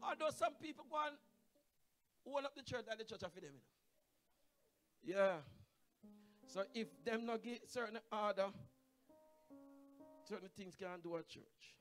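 A Jamaican man preaching in church with a very high, ringing voice. He drops into low, quiet asides, then builds to shouted, half-sung peaks and calls on the congregation to answer. Soft instrumental music plays faintly behind him. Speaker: guest evangelist preacher. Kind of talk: Pentecostal sermon. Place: church sanctuary.

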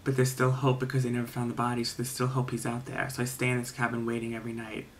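Grieving father from a spooky storytime, curt and defensive, quoted by a young man, mid-pitched voice. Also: monotone, fast, slight background noise, natural voice. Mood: mournful. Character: grieving, angry middle-aged father in a cabin.

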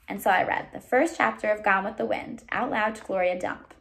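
A woman reading a children's novel aloud, pausing to explain words to listeners. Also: medium pitch, creaky, fairly bright tone. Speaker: reader.

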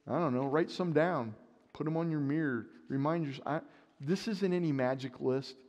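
A man's voice: on the high side, normal speed, darkish tone. A man preaching a sermon, telling a story with animation and acting out his own panic. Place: church sanctuary. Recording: long church reverb.

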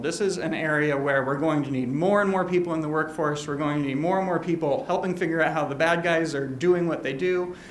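An earnest man gives a measured, formal introduction. His voice is quite high. The room echoes and there is a faint hum of noise. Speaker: event host introducing speaker.

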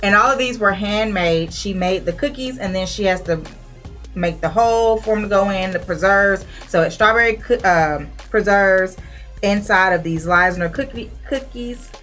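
A woman, chatting casually to viewers as she hosts a food review vlog and tells a lively story. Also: mid-range voice, normal speed, faint music behind. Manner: animated storyteller, addresses viewers directly. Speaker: vlog co-host.

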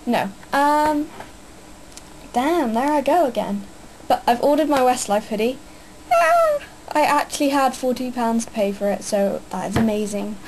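Young woman, excitable rambling vlogger, somewhat high pitch, faint noise behind. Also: unhurried. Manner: hyper, rambling, many fillers. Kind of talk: casual vlog chat.

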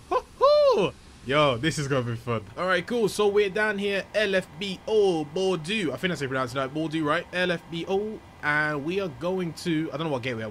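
A young British man from the UK, an excitable, jokey flight sim streamer mixing casual commentary with formal radio calls. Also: on the high side. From United Kingdom. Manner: excitable, jokey, laughs often.

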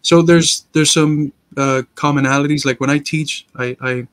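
A man's voice: a little high, steady tone, moderate pace, a bit bright, no room sound. Lecture-like man on a dry mic. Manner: explanatory, lecture-like. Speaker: co-host and teacher. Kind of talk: casual discussion.

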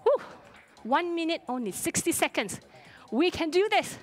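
A woman's voice: very high voice, animated, normal speed. A woman fitness instructor coaching a live workout, encouraging and cheering her class on while out of breath. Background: faint music.

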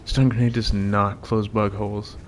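A young man streaming a game with viewers, chatting casually, cursing often and shouting when excited. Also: lowish voice, normal speed, a little hiss or hum. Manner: profane, joking, bursts of excited shouting. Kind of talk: casual gaming livestream chat.

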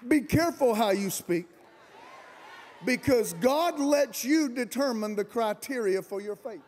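A man preaching a fiery sermon as guest pastor, shouting and colloquial. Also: very high voice, lively intonation, a little slow, a faint crowd, a little hiss or hum. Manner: shouting, colloquial, Southern-style preaching with rising emphasis. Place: large camp meeting venue.

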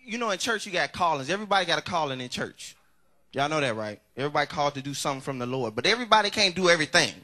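A man's voice: on the high side, very animated, very fast, bright, forceful tone. A young male stand-up comedian with a congested voice, talking casually and teasing the audience.

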